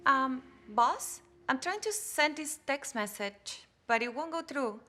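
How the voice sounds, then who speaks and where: An actress with a Colombian Spanish accent playing a hesitant, pleading employee in a scripted drama. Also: female voice, high-pitched, lively intonation, unhurried, bright, forceful tone, full character voice. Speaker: on-camera employee.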